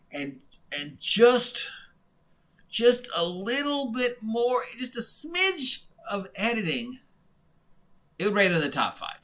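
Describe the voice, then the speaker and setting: A man's voice: on the high side, bright, forceful tone. A man giving a casual, rambling monologue as a game reviewer, full of fillers and restarts. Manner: mock voices when imitating others.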